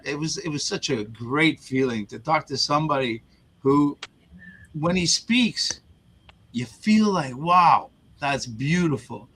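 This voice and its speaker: Heard through poor audio, this man's voice is slightly high, bright, and forceful. Appearing as a guest on an interview show, he earnestly relates a personal story conversationally, frequently repeating words and restarting.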